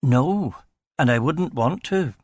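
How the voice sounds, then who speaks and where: A man's voice: medium pitch, lively intonation, takes it slowly, darkish tone, no echo, clean studio sound. A man playing a guarded factory manager.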